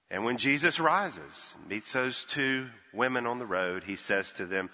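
An older man preaching a sermon, telling a story and acting out the quoted voices with hushed and lifted tones. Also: medium pitch, animated, unhurried, few pauses. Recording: dull sound with long hall reverb.

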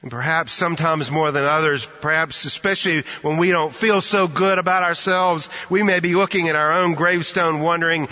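A man preaching a sermon, telling stories and slowing to a soft, quiet delivery to drive points home. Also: on the high side, fairly even intonation. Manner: storytelling, slows and softens for emphasis. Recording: muffled sound in a long-reverb hall.

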